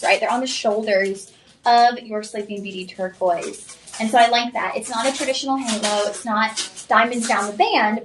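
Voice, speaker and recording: Chatty, enthusiastic woman selling jewelry. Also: on the high side. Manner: chatty and enthusiastic, addresses viewers directly. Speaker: shopping channel jewelry host. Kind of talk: live TV sales pitch.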